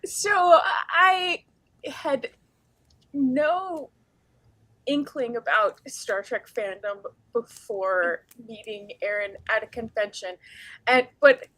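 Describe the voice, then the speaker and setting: A woman on a convention panel telling a story in an unhurried, thoughtful way, pausing with ums. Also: fairly high pitch, fairly bright tone, no echo.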